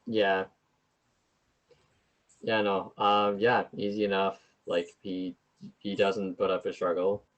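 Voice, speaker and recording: Slow-talking low male game master. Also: level tone. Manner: hesitant, loose and profane. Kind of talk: narrating a tabletop game.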